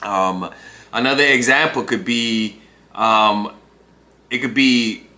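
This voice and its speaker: Slow-paced, lowish, bright, and forceful, this twentysomething dating coach addresses the camera casually. He often restarts phrases loosely and frequently tacks on "right?".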